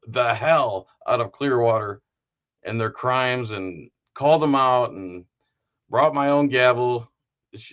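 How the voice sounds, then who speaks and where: A man's voice: mid-range voice, fairly bright tone, lo-fi sound. A man hosting a live stream, rambling and cracking jokes as he signs off. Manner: rambling and joking, many fillers. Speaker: livestream host. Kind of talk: casual live-stream sign-off.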